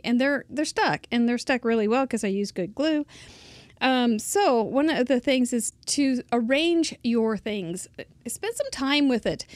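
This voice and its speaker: A woman's voice: a little high, dry recording. A middle-aged woman casually teaching card making, chatting and thinking aloud as she works at a close mic. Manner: chatty, rambling, thinks aloud while working. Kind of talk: casual craft tutorial.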